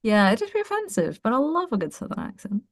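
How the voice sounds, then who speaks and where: Woman co-host, casual chat, teasing and playful, lively pitch, dry close sound. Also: fast, no room sound. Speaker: podcast co-host.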